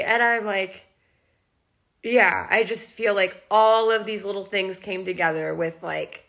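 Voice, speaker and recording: A woman's voice: medium pitch, steady tone, measured pace, gravelly, a bit bright. A woman chatting casually and emotionally on a live stream from her phone, rambling with many "like"s. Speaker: kitten rescuer talking on a live stream.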